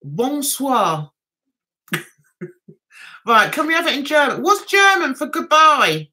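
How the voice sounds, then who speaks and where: A woman's voice: high voice, very animated, a little slow, sharp tone. A woman hosting a casual livestream, chatting and giggling as she reads viewer comments and answers them fondly. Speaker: livestream host.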